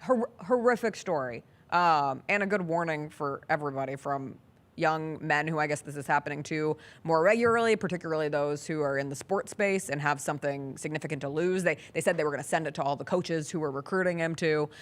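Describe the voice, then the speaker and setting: A woman's voice: low-pitched, brisk. A woman hosting a talk show, telling a long story in a casual, earnest way and acting out the dialogue. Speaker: sports talk show host. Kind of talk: casual chat.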